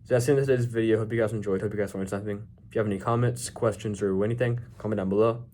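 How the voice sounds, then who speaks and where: A young man teaching a Bible verse in a casual devotional video, relaxed and informal with lots of filler words. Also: lowish voice, very fast, slight background noise.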